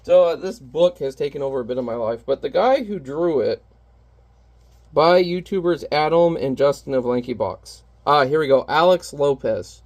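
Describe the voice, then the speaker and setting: Brief: candid, rambling man, a parent, talking through a painting session, voice a bit high for a man. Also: normal speed. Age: adult parent. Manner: rambling, candid, self-deprecating. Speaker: artist painting on camera. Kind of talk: casual chat while painting.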